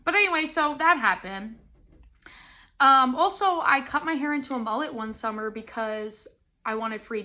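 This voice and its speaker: A woman in her twenties hosting a casual solo podcast, rambling and self-deprecating, breaking into sudden loud high laughs. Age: 20s. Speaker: podcast host.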